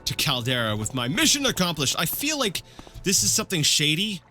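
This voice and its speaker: Let's play host, male, lively bright voice, meandering unscripted commentary over faint game music. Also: on the high side, fairly quick. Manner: rambling, thinking aloud with many fillers. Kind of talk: casual gameplay commentary.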